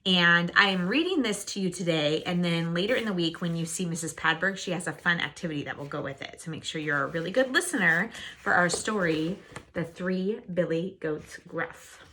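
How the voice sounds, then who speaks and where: Lady teacher reading a storybook to little kids, kinda low voice but bright and forceful, lots of ums. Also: lively intonation, a little fast, a little hiss or hum. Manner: friendly and encouraging, with frequent ums. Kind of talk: reading a storybook aloud to young children.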